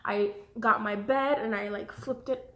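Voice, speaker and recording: A woman's voice: medium pitch, steady tone, measured pace, a bit bright. Rambling young woman in an echoey room. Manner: rambling, jumps between thoughts, apologetic asides. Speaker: vlogger. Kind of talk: personal storytelling vlog.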